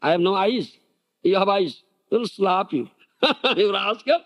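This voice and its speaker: An older man from India giving a devotional lecture, animated, firing off rhetorical questions and laughing often. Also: sits high, measured pace. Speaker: spiritual teacher.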